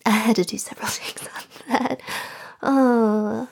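Whispery chatty woman, kinda high voice, giggles a lot, rambles. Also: fairly even intonation, unhurried, vocal fry. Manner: soft-spoken, giggly, rambling. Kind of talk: soft whispered casual chat.

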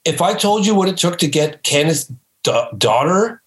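A man who is a filmmaker guest on a podcast, telling stories emphatically and breaking into excited shouts. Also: fairly high pitch, normal speed, roomy sound, low-quality recording. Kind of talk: animated storytelling in a podcast interview.

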